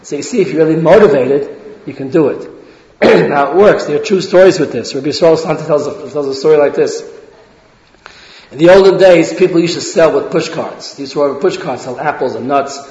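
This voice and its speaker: A man's voice: fairly high pitch, brisk, a little mellow. Guy lecturing in a big echoey hall, kinda muffled old recording, lots of "right?" and restarts. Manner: rhetorical questions, frequent restarts and tag "right?". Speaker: religious parenting lecturer. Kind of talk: informal lecture with anecdotes. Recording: echoey hall, dull lo-fi sound.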